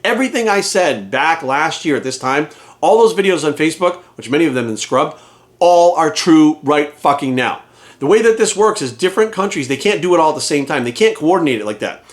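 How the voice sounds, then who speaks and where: A man's voice: fairly high pitch, expressive, fairly quick. Heated, profane man ranting. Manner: heated, profane, emphatic, repeats phrases for force. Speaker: fitness trainer and coach. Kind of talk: ranting monologue to camera.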